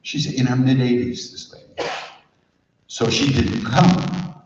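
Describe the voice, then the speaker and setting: A man in his sixties leading a retreat workshop, telling stories in a relaxed, chuckling, conversational way. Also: mid-range voice, slow pace. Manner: conversational, chuckling, says "you know" often. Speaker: spiritual teacher leading a workshop. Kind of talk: storytelling workshop talk. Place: large retreat hall. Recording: echoey hall, distant dull mic, faint noise.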